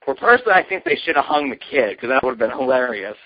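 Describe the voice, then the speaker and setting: Male co-host, lively storyteller, swears freely; muffled lo-fi dry recording. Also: mid-range voice, very fast, no echo. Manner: storytelling, profane, jokey. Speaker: podcast co-host. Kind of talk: casual wrestling chat. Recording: dull lo-fi dry sound.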